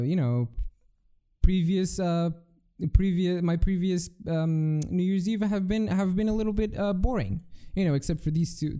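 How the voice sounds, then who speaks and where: A man's voice: high voice, warm tone, clear, resonant tone. A young man hosting a solo podcast, telling rambling, profane stories with many restarts. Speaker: podcast host. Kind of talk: casual solo podcast rant.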